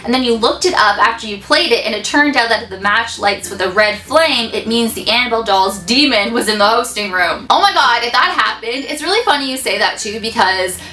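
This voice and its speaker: A bubbly young woman chats through fan questions in a casual vlog, her voice bright and a little high. She gushes and laughs easily, and the room around her rings with echo. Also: expressive, fairly quick, few pauses. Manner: bubbly, gushing, laughs often. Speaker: YouTuber answering fan questions. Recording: echoey room.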